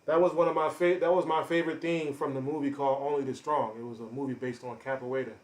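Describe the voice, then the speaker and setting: A man ranting on a live stream, confrontational and boastful, calling out chat members by name with loud bursts and drawn-out emphasis. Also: mid-range voice, fairly even intonation. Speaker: livestreamer. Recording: roomy echo.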